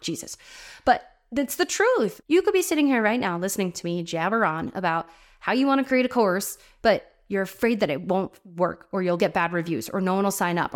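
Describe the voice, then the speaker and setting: A woman in her thirties from New Jersey, an online business coach giving a fired-up motivational talk, emphatic and casually swearing. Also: fairly low pitch. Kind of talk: motivational podcast monologue.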